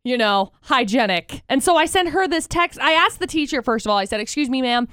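A woman's voice: sits high, a little fast, smooth, no echo, clean studio sound. A young woman co-hosting a radio show, telling stories in casual banter and acting out the voices of the people in them. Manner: animated storyteller, acts out quoted voices.

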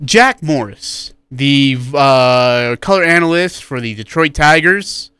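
A man co-hosting a sports talk radio show, giving animated opinions in casual chat. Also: mid-range voice, slow, smooth, no room sound.

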